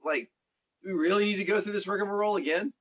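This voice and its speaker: Male co-host, wry and casual, a bit higher voice; muffled lo-fi audio. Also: quick pace, fairly bright tone. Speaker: podcast co-host. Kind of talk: casual chat. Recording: dull lo-fi.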